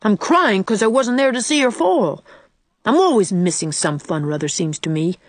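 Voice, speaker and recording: A woman's voice: medium pitch, lively intonation, normal speed, no room sound, voice pushed up, close to an everyday voice. A woman reading aloud, voicing a sulky, defiant eight-year-old farm boy who talks bluntly. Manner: whiny, blunt country talk.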